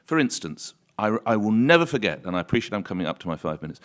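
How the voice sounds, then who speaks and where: Male talk radio host, low and very animated, conference storyteller. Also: quick pace. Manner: animated storyteller, acts out quoted voices. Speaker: commercial talk radio presenter. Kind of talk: conference panel speech with anecdotes. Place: conference hall.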